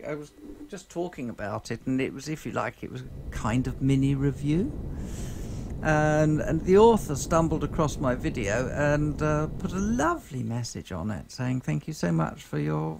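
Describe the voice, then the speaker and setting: A man chatting loosely as he streams a space survival game, with a slightly gravelly edge to his voice. He rambles, stops and restarts his sentences, and fills the gaps with ums. Steady game noise runs loudly under everything he says. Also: fairly high pitch. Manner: rambling, halting, with many fillers and restarts. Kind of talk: casual gameplay chat. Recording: noisy game sound behind the voice.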